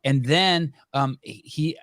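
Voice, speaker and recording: A man hosting a podcast who tells casual anecdotes in a relaxed, chatty way, swearing now and then. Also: on the high side, drawn-out words, dry recording, studio quality. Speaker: podcast host. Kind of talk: casual conversation.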